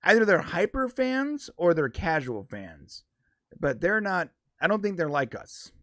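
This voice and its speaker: High-voiced, blunt wisecracking man. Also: sing-song, a little slow, a bit bright, no room sound, clean studio sound. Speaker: co-host. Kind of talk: casual panel chat.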